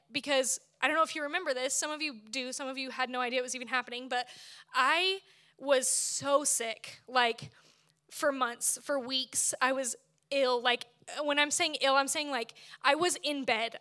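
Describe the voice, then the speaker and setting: A woman in her thirties is preaching, with a high voice that rings clear and bright. She tells her own story in an expressive, lively way, and her telling is full of laughter. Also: moderate pace. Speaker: speaker at church. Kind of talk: personal testimony sermon.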